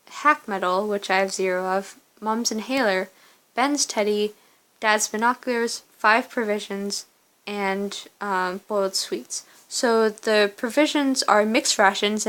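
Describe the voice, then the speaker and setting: A woman reading an interactive story game aloud in a steady second-person narration, with casual asides about the game screens. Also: mid-range voice.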